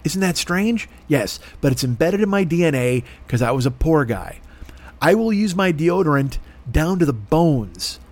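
A man telling a comedic story on a podcast, animated and profane, mocking himself. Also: a little high, normal speed. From grew up poor. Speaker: podcast host.

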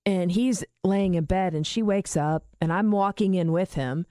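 Animated woman telling a family story. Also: fairly low pitch, moderate pace, dry recording, studio quality. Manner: animated, acts out family members' voices, swears casually. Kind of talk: casual storytelling chat.

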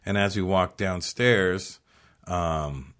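Low-voiced man telling a lively anecdote. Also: slow pace. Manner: animated storyteller, acts out other people's lines; swears casually. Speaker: podcast guest, comedian.

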